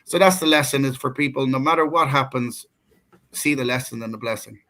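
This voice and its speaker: A man's voice: medium pitch, fairly quick, bright, forceful tone. A middle-aged man with an Irish accent, co-hosting a casual talk show and telling a personal story with many restarts and fillers. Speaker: co-host.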